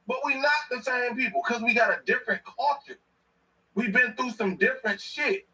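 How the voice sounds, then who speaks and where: Man, confrontational ranting commentary, high bright voice, off-mic. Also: normal speed, distant mic, poor audio. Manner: heated, repetitive, confrontational. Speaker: commentator reacting to a clip.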